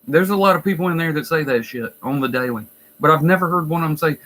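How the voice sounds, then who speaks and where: A man's voice: fairly high pitch, fast talker, fairly bright tone, rough recording. A man who works in a nursing home, telling stories in a blunt, profane, wry way. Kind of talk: casual storytelling vlog.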